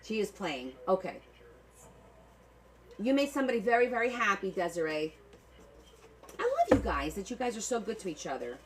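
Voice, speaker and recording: A woman's voice: mid-range voice, huge pitch swings, moderate pace, pauses often, noisy background. A woman hosting a live online auction of her handmade journals, chatting affectionately with viewers, thanking them by name and often repeating words as she talks. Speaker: livestream seller of handmade journals. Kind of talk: casual live auction chat.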